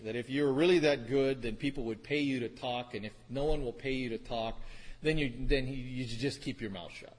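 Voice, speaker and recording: Hall reverb surrounds a man with a slightly rough, mid-range voice as he preaches a sermon. He works through scripture emphatically, repeating phrases and tossing in wry, sarcastic asides.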